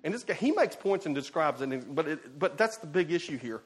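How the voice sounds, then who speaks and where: A man preaching an expository sermon, animated and emphatic, swinging between loud bursts and quiet asides. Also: fairly high pitch, a little fast, husky.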